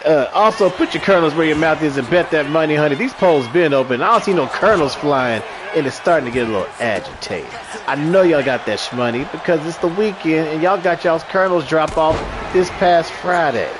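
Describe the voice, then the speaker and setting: A man's voice: fairly high pitch, animated, fairly quick, noisy background. A man in his thirties giving loose, joking, profane live commentary on a wrestling stream and chatting with viewers. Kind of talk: casual live commentary with singing and chat replies.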